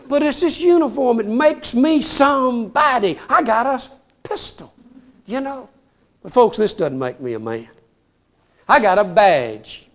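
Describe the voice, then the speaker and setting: A folksy male storyteller with a high voice who spins comic tales of life as a state trooper. He is animated and chatty, and he turns to talk directly to his listeners. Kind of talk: comic storytelling before a live audience.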